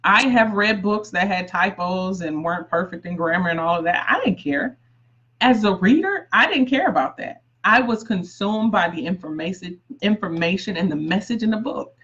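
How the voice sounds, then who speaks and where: A woman's voice: mid-range voice, fairly bright tone, muffled recording. A woman book coach giving an emphatic live-streamed coaching talk, repeating key phrases and greeting viewers by name.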